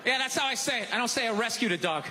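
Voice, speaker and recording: A man doing a stand-up comedy bit, loud and sarcastic, ranting as he works the crowd. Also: very high voice, racing, slight background noise.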